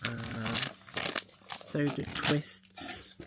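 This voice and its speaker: A man's voice: mid-range voice, fairly even intonation, drawn-out words, heavy background noise. A man chatting casually as he unboxes a mystery box, thinking aloud as he handles the packaging. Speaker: unboxing vlogger.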